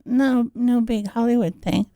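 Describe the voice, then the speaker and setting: A woman with a high, bright-pitched voice tells stories as a radio guest, animated and quick to act out each person she mentions. The sound is dry and close, with no room around her. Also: dry recording. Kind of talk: casual storytelling chat.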